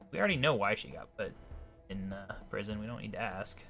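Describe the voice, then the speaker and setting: Bright-voiced man, offhand game commentary. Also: lowish voice, expressive, fairly quick, vocal fry, faint music behind. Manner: offhand, wry asides. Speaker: let's play host. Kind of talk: casual gameplay commentary.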